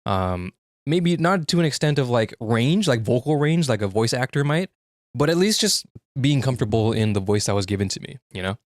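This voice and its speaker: A man's voice: medium pitch, animated, normal speed, dry recording, studio quality. A young man streaming in casual chat, frank and profane, often restarting his sentences.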